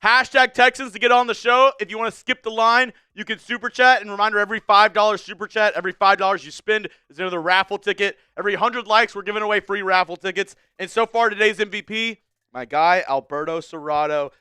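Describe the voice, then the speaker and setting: Male sports stream host, young, smooth and bright voice, casual, opinionated fan energy. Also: high-pitched, no room sound, studio quality. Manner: casual, animated fan-style ranting. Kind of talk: live-stream sports talk.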